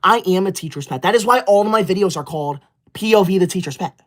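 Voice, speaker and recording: A man talks at a quick pace in a high, slightly bright voice. He's portraying a bossy, smug young teacher's-pet streamer in a comedy sketch, lecturing his viewers indignantly and self-righteously.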